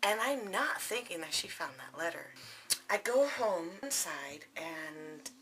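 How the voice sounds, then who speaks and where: A woman's voice: fairly low pitch, animated, unhurried, a bit bright, a little hiss or hum. A young adult woman vlogging, telling a personal story to camera in a candid, casual way with plenty of fillers. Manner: candid, frequent fillers and asides.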